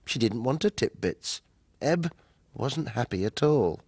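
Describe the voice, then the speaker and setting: A man playing a cheerful grown-up on a fishing trip in a children's show, reading a story aloud in a gentle, sing-song way. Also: mid-range voice, animated, a little slow, breathy edge, no room sound. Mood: storytelling.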